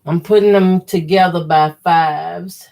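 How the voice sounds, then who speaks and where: Brief: a woman quilter, relaxed, unhurried running commentary on her sewing, chatting to the folks watching. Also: fairly low pitch, vocal fry. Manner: slow, easygoing running commentary, addresses viewers as y'all. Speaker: quilter hosting a sewing livestream. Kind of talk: casual chat while sewing.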